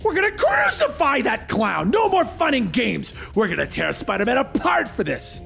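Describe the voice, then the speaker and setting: A man voicing Electro, a loud, hot-headed male supervillain who shouts and taunts. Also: high voice, huge pitch swings, normal speed, creaky, faint music behind, exaggerated voice. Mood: angry, taunting.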